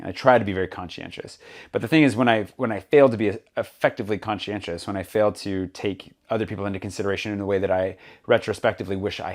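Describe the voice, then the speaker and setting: A man hosting a podcast, chatting casually and acting out the exchanges in the stories he tells. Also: fairly low pitch. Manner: animated storyteller, acts out quoted exchanges. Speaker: podcast host. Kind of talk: casual conversation.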